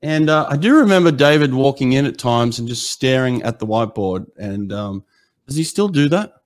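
A man's voice: medium pitch, lively intonation, moderate pace. Jokey middle-aged male host. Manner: jokey, chatty, laughs easily. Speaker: podcast host. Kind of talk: casual interview chat.

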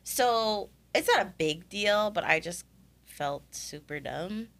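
Gravelly, lively young woman chatting. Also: medium pitch, slow pace. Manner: chatty, self-mocking, swears and laughs easily. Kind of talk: casual chat.

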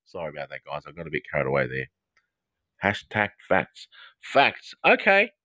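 A man's voice: a bass voice, huge pitch swings, normal speed, sharp tone, dry recording, lo-fi sound. A middle-aged man with an English-Australian accent, a psychotherapist chatting playfully and rambling with viewers during a live social media stream. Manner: playful, rambling, jokey asides.

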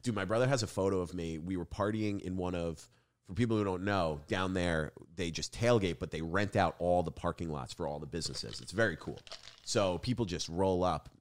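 A man hosting a casual podcast chat, joking and telling animated stories. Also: low-pitched, brisk.

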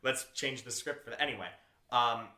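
A man's voice: medium pitch, normal speed, pushed and bright, reverberant. A man hosting a casual group chat about games, talking in a chatty way with many fillers. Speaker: podcast host.

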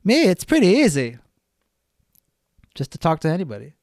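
A man's voice: on the high side, wildly swooping pitch, moderate pace, darkish tone, no echo, clean studio sound. Blunt, swearing man ranting solo. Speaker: podcast host. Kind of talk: solo podcast monologue.

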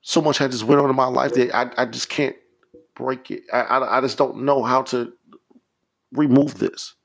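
Gravelly-voiced man preaching fervently. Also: medium pitch, fairly even intonation, normal speed. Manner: fervent, repetitive exhortation. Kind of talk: podcast sermon with spoken prayer.

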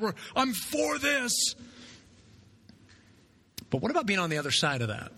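A man's voice: high voice, sharp tone, big-room sound. A man preaching a sermon as pastor, talking conversationally and checking in with his listeners by asking "right?" again and again.

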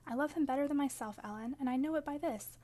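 A woman's voice: high voice, fast talker, warm tone, close to an everyday voice. A woman reading the part of an earnest, devoted teenage girl in an audiobook reading. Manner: earnest, pleading.

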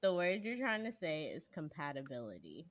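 A woman's voice: sits low, huge pitch swings, normal speed. A woman co-hosting a podcast with friends in casual chat, teasing and explaining things. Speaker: podcast co-host.

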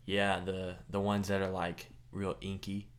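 Young male co-host, very deep voice, dry, teasing, laid-back. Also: completely flat delivery, a little slow, smooth. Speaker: podcast co-host. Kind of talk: casual chat.

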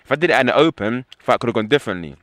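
A young man, a professional fighter talking casually in an interview, fast and repetitive, often asking "you know what I mean". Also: medium pitch, expressive, a bit bright, no echo, studio quality.

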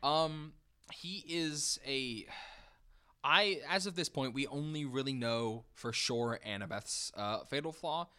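A man co-hosting a podcast, talking thoughtfully through a book with frequent pauses to gather his thoughts. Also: mid-range voice, pushed and bright, smooth. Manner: thoughtful, hesitant, many fillers and restarts. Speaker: podcast co-host. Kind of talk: casual book discussion.

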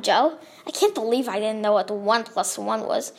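A woman reading her own story aloud in a lively, expressive way. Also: a little high, moderate pace, gravelly, hardly any pauses.

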